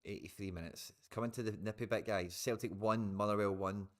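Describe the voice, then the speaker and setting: A man's voice: lowish voice, fairly even intonation, fairly quick. A man with a Scottish accent giving chatty live commentary on a football match to his stream viewers, now and then swearing.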